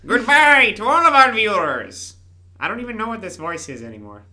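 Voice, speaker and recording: A man's voice: high-pitched, big pitch swings, normal speed, bright, forceful tone, voice pushed up, exaggerated voice, rough recording. A teen boy doing a hammy spooky villain. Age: teens. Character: spooky male villain voice, Skeletor style.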